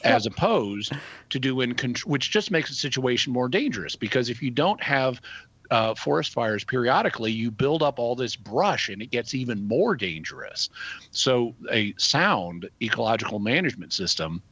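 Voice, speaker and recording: A man who answers questions as the show's expert, explaining things step by step in a measured way and restarting phrases as he thinks. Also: medium pitch, lively intonation, a bit bright, slightly rough, no room sound. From United States. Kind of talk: explanatory conversational talk. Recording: dull, dry lo-fi audio.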